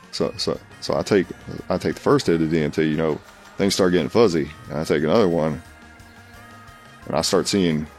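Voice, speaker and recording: A man doing a comedic impression of a raspy, boastful older male pro wrestler who rambles through a tall tale full of restarts. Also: deep voice, normal speed, pauses often, a little mellow, soft background music, lightly acted. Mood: rambling. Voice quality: raspy, gravelly.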